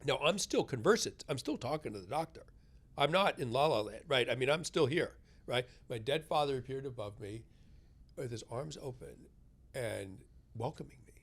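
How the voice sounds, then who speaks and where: A middle-aged American man telling a story in an interview. He talks in a loose, conversational way and keeps checking in with the listener. His voice sits at an ordinary pitch, now hushed, now loud. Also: expressive, moderate pace, husky. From United States. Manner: conversational, tag questions, swings loud and soft. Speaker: guest author.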